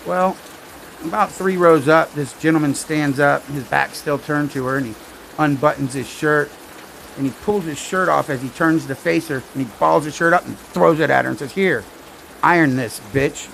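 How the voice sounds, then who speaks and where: A man's voice: fairly high pitch, moderate pace, vocal fry, a bit bright, slight background noise, rough recording. A man telling rambling jokes with dry asides on a casual livestream while he watches a storm.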